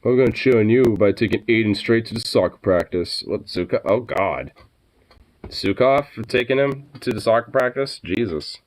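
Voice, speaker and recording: A man with a very deep voice talks casually for his vlog. He is laid-back and swears freely, and he slips into soft, cooing talk with his pets. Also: expressive, normal speed. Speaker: vlogger. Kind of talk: casual chat.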